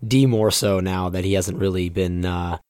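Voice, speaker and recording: A man's voice: low voice, steady tone, normal speed, a little mellow, clean tone, no echo. A man on a podcast teasing his brothers in a dry, casual manner. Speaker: podcast co-host. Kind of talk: casual chat.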